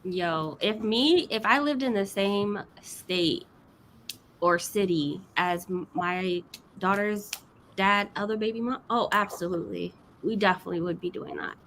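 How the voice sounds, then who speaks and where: A woman from Texas in casual chat, lively and emphatic, often agreeing. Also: mid-range voice, measured pace, slight background noise, rough recording.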